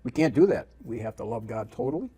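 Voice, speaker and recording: A man's voice: mid-range voice, expressive, quick pace, mellow, breathy edge. A man preaching emphatically, firing off rhetorical questions and repeating his points. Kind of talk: preaching lecture with read-aloud quotations.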